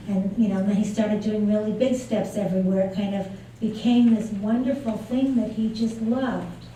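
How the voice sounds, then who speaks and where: Woman keynote speaker, warm and mellow, chatty lecture style, picked up from afar in a very roomy hall. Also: mid-range voice, normal speed, few pauses. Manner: conversational storytelling, frequent fillers. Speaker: keynote speaker on early childhood play. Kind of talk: conference lecture. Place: large lecture venue. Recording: echoey hall from far off, faint noise.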